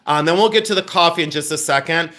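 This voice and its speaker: A middle-aged man hosting a live-stream sale, reading out viewer names and orders and making quick asides to his helpers. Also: on the high side, sharp tone. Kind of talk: live-stream selling chat.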